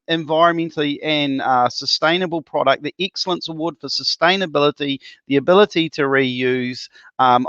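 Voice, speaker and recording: A man's voice: on the high side, a bit bright, no echo, lo-fi sound. A man hosting an awards ceremony, upbeat and chatty with lots of ums and laughs. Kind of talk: live emcee patter.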